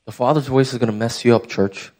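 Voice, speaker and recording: A man's voice: medium pitch, fairly even intonation, quick pace, a little mellow. A young man preaching a sermon as pastor, conversational and emphatic, putting direct questions to the church.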